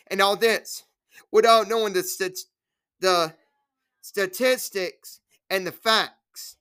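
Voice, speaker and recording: A woman's voice: medium pitch, steady tone, takes it slowly, pushed and bright, smooth. A woman delivering an indignant direct-to-camera rant as a trans rights activist, scolding trolls and repeating herself.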